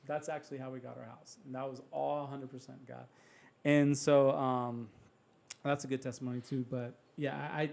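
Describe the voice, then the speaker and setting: A man's voice: medium pitch, vocal fry. A man, a father of young children, speaking as a podcast guest and sharing an earnest, heartfelt faith testimony in casual talk. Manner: earnest, heartfelt, acts out prayers in his own voice.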